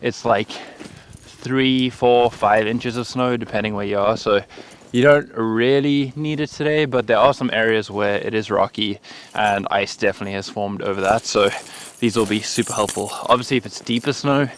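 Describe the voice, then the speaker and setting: A man's voice: on the low side, moderate pace, a little hiss or hum. A young man from South Africa giving casual, upbeat winter hiking tips in a vlog, full of "like" fillers. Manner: chatty and upbeat, with many "like" fillers. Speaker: vlogger.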